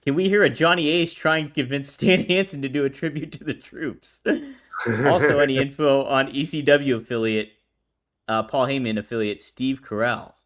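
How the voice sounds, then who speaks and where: A man's voice: medium pitch, normal speed. A man co-hosting a podcast, reacting with easy laughter and reading questions out from the chat. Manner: laughs easily, lively reactions. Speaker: podcast co-host.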